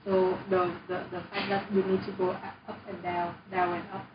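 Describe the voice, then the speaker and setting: A woman's voice: fairly low pitch, flat delivery, recorded from a distance. Brief: young Vietnamese-accented woman, language tutor, encouraging and patient; dull, echoey video-call audio. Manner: patient, encouraging, models words slowly. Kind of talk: online language lesson. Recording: roomy, dull audio with noise.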